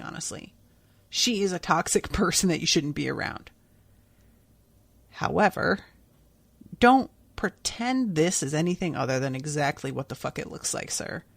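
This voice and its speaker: A woman's voice: fairly low pitch, gravelly, fairly bright tone, no room sound. A woman hosting a podcast, recapping an episode in a chatty, blunt way and swearing freely. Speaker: podcast host.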